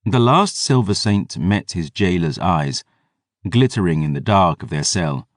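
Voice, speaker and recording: A man doing measured, dramatic scripted narration for a fantasy audiobook. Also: low voice, animated, no echo, studio quality.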